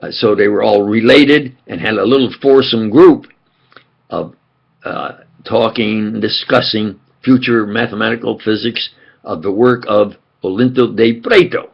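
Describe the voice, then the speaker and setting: An older man with a New York accent, speaking in a slow, halting, rambling monologue full of fillers and restarts. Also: lowish voice, creaky, husky, dull audio. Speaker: channel host.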